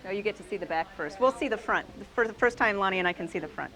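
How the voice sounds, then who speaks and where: A woman's voice: medium pitch, expressive, quick pace, a bit bright, low-quality recording. A woman hosting a quilting class, showing quilts to a live group and praising each one with enthusiasm. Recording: faint hiss.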